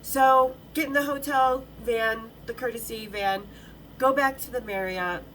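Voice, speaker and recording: A woman's voice: on the high side, measured pace, a bit bright, a little hiss or hum, low-quality recording. A middle-aged woman hosting a podcast, telling a story in a frank, bawdy, chatty way with many restarts. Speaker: podcast host.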